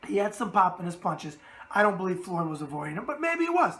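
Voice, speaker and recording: A man with a New York accent and a raspy voice, hosting a boxing mailbag show in a brash, streetwise manner full of catchphrases. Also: sits high, sing-song, fast, pushed and bright. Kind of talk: casual boxing mailbag talk.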